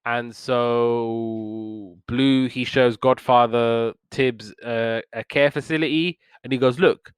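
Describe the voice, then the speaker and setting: A man with a smooth, clear voice recaps old cartoons in a loose, rambling way, full of fillers and false starts. He sits at a middle pitch, and his sound is dry and close, with no room around it. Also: steady tone, slow pace, dry recording. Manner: rambling retelling with many fillers and restarts. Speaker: podcast host reviewing old cartoons. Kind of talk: casual review chat.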